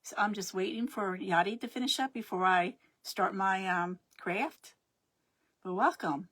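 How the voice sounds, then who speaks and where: A woman's voice: mid-range voice, measured pace, a bit bright. Chatty middle-aged woman hosting a craft livestream. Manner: chatty, greeting viewers by name. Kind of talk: casual live-stream chat.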